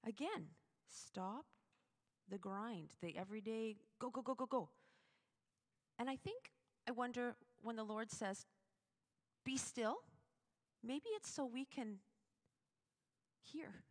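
A woman giving a chatty, animated devotional talk to other women, with sudden loud emphasis on key words. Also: a little high, slow, pauses often. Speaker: devotional speaker. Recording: long hall reverb.

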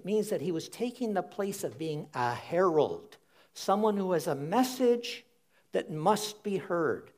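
A man's voice: high-pitched, darkish tone. A man preaching a sermon, stressing his points emphatically and repeating key phrases for weight, speaking straight to his listeners. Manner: addresses listeners directly as folks.

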